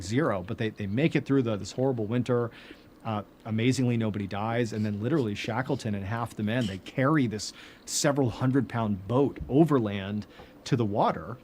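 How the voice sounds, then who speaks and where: A man telling stories in casual chat as a podcast host, animated, with lots of filler words. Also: medium pitch, a little hiss or hum.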